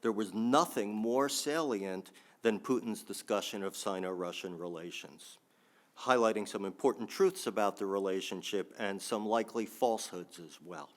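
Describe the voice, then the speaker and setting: A man's voice: lowish voice, normal speed. A man giving a think-tank panel talk with frequent ums and restarts, adding dry asides.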